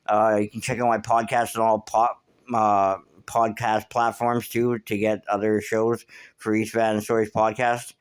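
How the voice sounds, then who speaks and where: A man's voice: lowish voice, little pitch movement, unhurried, smooth. A man hosting a podcast, telling a rambling street story with lots of swearing and fillers. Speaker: podcast host. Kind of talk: casual storytelling monologue.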